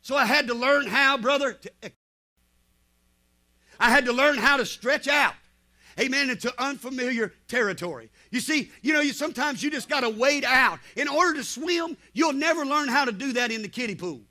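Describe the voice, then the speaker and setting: A man's voice: very high voice, moderate pace, sharp tone. A man with a Southern US accent preaching a sermon as pastor, telling stories and punctuating with amens. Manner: preaching with frequent amens, storytelling.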